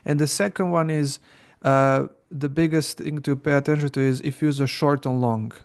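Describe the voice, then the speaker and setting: A man co-hosting a language podcast, explaining pronunciation rules in a relaxed, conversational way. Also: fairly high pitch, moderate pace. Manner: explains plainly, with fillers and restarts. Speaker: podcast co-host. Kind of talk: casual educational chat.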